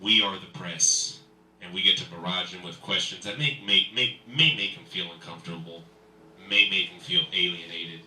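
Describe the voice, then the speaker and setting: A man hosting a live comedy show, working the crowd with loud, energetic emcee banter and stand-up. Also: low voice, normal speed, slight background noise. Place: live comedy venue, indoors. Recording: echoey room, mic from far off.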